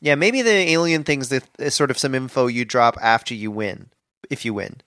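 A man co-hosting a comedy podcast, wry and hesitant with deadpan asides. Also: medium pitch, normal speed, no echo, studio quality. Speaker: podcast co-host. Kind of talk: improv comedy banter.

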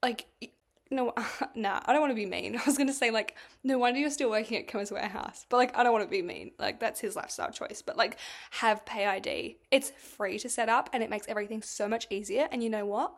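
A young woman hosting a casual solo podcast, telling a story in a chatty, animated way and swearing freely. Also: fairly high pitch, fast talker. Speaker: podcast host.

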